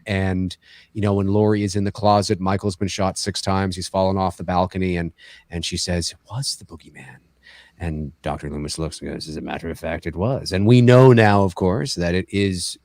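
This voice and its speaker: Casting note: a lower-voiced male host, rambling and animated, on a dry close mic. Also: no echo. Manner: rambling, animated, acts out film lines. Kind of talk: casual panel discussion.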